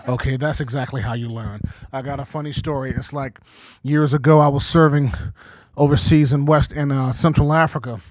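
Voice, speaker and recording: On the stage of a small community TV studio in front of a live audience, a man over forty emcees a stand-up comedy set. His medium-pitched voice has a darkish tone, and the recording is dry. He talks conversationally, tossing in frequent "okay?" asides and acting out the voices he quotes.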